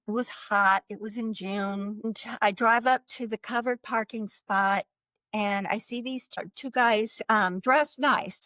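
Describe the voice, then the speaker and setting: A woman giving a personal faith testimony as a guest, talking in an earnest, halting way with restarts and light laughs. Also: mid-range voice, a bit bright, dry recording, poor audio. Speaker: guest sharing her life story.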